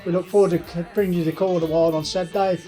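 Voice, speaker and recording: A man's voice: sits high, fairly even intonation, very fast, mellow, soft background music. An Australian man hosting a local football chat show, with jovial, folksy patter.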